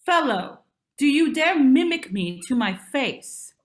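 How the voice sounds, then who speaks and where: A woman's voice: high-pitched, big pitch swings, slow pace, full character voice. A woman playing a proud, sleepwalking Tudor queen in an amateur online stage play, speaking in a commanding, scornful way. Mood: haughty. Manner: commanding, scornful, archaic theatrical speech. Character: imperious sleepwalking Queen Elizabeth I, haughty and sharp-tongued.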